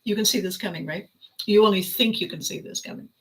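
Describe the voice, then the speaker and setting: An older woman hosting her own video, telling a personal story in a casual, animated way with frequent laughter. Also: medium pitch, fast, rough recording. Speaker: vlog host.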